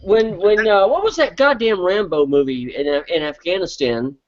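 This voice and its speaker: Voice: medium pitch, lively intonation, normal speed, highs cut off. A co-host ranting about politics, mocking opponents, laughing often and swearing freely. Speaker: podcast co-host. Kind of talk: profane political rant.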